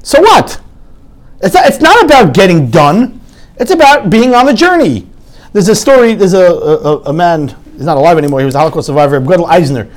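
A man giving an animated sermon full of stories, often restarting his sentences and acting out quotes. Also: high voice, fast talker. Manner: lively, frequent restarts, acts out quotes.

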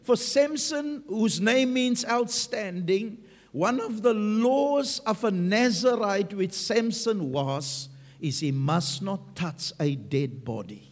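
A man preaches in a strikingly high voice that rises and falls with animated swings. He speaks slowly and emphatically, stopping often for an "Amen". The sound rings with the long reverb of a large church hall. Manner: emphatic, frequent "Amen" punctuating points. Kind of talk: sermon.

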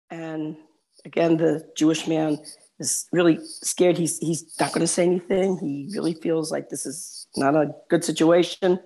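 A woman's voice: low-pitched, little pitch movement, normal speed, warm tone. A woman chatting casually as a guest, rambling through stories and laughing easily. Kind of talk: casual chat and joke telling.

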